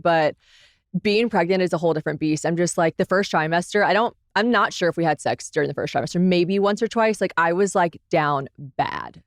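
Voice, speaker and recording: A young pregnant woman chatting candidly as a podcast guest, blunt and quick to laugh, swearing freely. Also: lowish voice, dry recording, studio quality. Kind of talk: candid casual chat.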